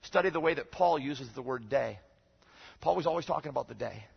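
A man preaching a sermon as pastor, moving between loud, emphatic exhortation and quiet, conversational storytelling. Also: a little high, fast, creaky, breathy edge. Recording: dull lo-fi sermon recording.

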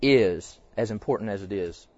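A man's voice: lowish voice, normal speed, darkish tone. Storytelling man teaching a class. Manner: conversational, tells stories, quizzes the audience. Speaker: church teacher. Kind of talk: teaching talk with stories. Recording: dull, dry lo-fi recording.

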